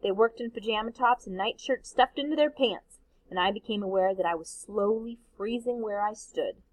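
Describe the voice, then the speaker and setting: A woman, a teacher, reading a novel aloud in a steady, expressive way. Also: mid-range voice, normal speed, no room sound, poor audio.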